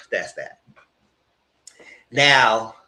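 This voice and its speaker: A man giving casual, gossipy reality TV commentary, animated and freely profane. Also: medium pitch, very slow.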